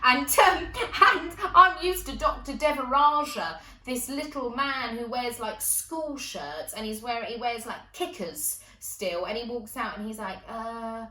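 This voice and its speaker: Chatty woman, bright echoey room. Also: fairly high pitch, lively intonation, measured pace, hardly any pauses, distant mic. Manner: chatty, candid, swears often. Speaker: comedian and theatre performer. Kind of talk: confessional stand-up monologue. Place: at home on a sofa. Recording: echoey room, a bit away from the mic.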